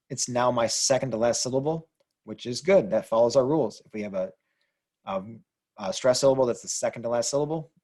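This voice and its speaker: Working at the whiteboard, a man teaching Spanish walks through grammar rules with patience, spelling out each word one letter at a time. He speaks in a warm, mid-range voice.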